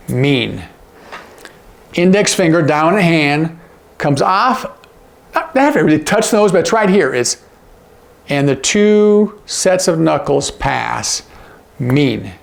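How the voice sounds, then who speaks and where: Gravelly-voiced male sign language teacher. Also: a little high, expressive, a little slow, long pauses. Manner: demonstrative, asks frequent check-in questions. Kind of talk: casual instructional explanation.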